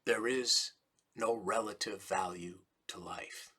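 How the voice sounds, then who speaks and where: A middle-aged man preaches with a slow, measured delivery and leans on emphatic repetition. His voice is fairly low but bright, with a slightly husky edge. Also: steady tone. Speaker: rabbi. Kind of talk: recorded sermon message.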